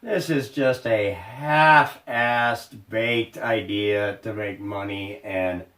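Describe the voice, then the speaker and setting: A man's voice: fairly low pitch, extremely slow, fairly bright tone. A man co-hosting a casual movie review podcast, blunt and sweary in his opinions. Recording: roomy, distant mic.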